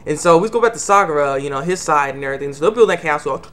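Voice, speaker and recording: A man's voice: a little high, animated, rapid-fire, fairly bright tone. A man casually recapping an anime episode, rambling with many fillers and restarts. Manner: acts out characters' lines in quotes. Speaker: anime reviewer.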